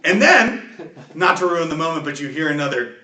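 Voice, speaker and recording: A man narrating a tabletop game as game master, chatty and loose with plenty of filler words. His mid-pitched voice sits back from the mic in an echoey room with some faint noise. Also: big pitch swings, brisk, distant mic.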